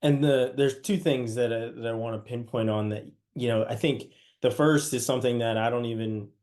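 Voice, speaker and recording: Male podcast host, casual and chatty, mid-pitched, talks in loose asides. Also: fairly even intonation, fairly quick, a little mellow. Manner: conversational, many restarts and asides.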